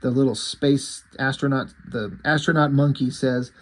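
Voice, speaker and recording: A man's voice: mid-range voice, normal speed, few pauses. A man casually reviewing a comic book, rambling and correcting himself, with the odd swear word.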